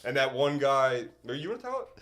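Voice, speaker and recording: A man's voice: mid-range voice, fairly quick. A man appearing as a guest on a podcast, recalling a shared story with lots of laughter. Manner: animated, laughing recollection. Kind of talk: casual podcast banter.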